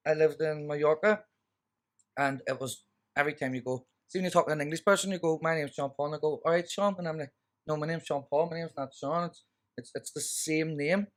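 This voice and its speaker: A man on a podcast, rattling off stories in loose, profane, slangy chat. His voice sits on the higher side for a man. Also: brisk. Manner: animated anecdotes, slangy and profane. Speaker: podcast co-host. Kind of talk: casual chat, storytelling.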